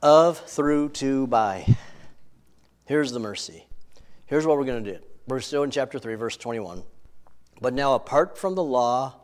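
A male pastor preaching a sermon, telling stories and swinging from hushed lines to loud ones, repeating words for emphasis. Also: mid-range voice, lively intonation, measured pace, long pauses.

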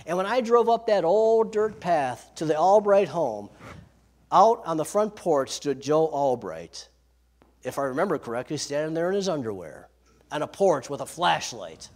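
A man preaching a sermon, lively and slowing down on key phrases. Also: on the high side. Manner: lively preaching, slows for emphasis. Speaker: pastor.

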